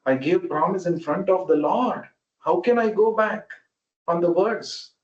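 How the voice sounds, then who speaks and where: A man's voice: high-pitched, a little slow. A man voicing a troubled older man torn over a promise, insistent and anguished. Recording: roomy, muffled online call audio.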